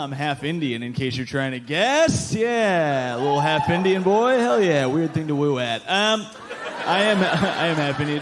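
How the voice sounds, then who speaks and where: A young man delivers a stand-up set in a wry, sarcastic tone, talking into a handheld mic. His pitch bounces around a lot and sits a little high. Big audience laughter and club noise fill the room around him. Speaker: stand-up comedian. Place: comedy club stage. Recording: live broadcast set with crowd laughter.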